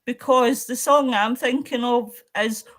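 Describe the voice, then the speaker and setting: A woman's voice: on the high side, steady tone, a little slow, a bit bright. A woman from Scotland co-hosting a casual live-stream chat about films over a home video call. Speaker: co-host of a film chat stream.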